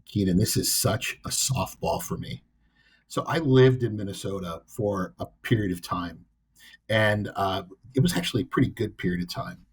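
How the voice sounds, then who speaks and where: A man's voice: fairly low pitch, moderate pace, breathy edge. A man from the US East Coast co-hosting a podcast, telling a story in a blunt, wry, self-deprecating way. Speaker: podcast co-host. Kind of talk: casual chat.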